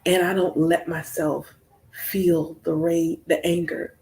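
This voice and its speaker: American woman chatting live on stream, animated, storytelling, playful asides. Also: lowish voice, takes it slowly, vocal fry. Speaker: spiritual practitioner hosting a livestream. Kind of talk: casual livestream chat.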